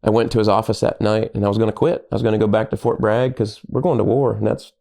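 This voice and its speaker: On a podcast, a middle-aged pastor swaps animated stories in easygoing talk, acting out what others said. He talks fast, with a fairly low, creaky voice.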